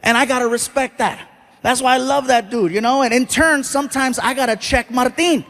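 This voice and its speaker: A man telling stand-up stories in an animated way, acting out the people in them, on stage at a live show. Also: very high voice, brisk, in a large hall. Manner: animated, acts out voices, jokes at his own expense. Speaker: stand-up comedian. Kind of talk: stand-up storytelling.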